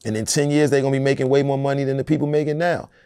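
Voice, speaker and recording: A man's voice: mid-range voice, little pitch movement, racing, warm tone, smooth, no room sound, clean studio sound. A man in his forties, a rapper being interviewed, talking in a casual, profane, streetwise way and often adding "you know what I'm saying".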